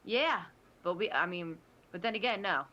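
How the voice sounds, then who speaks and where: Woman, casual chat, animated storyteller, bright tense voice, slightly dull lo-fi sound. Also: mid-range voice, normal speed. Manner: animated storytelling with many restarts.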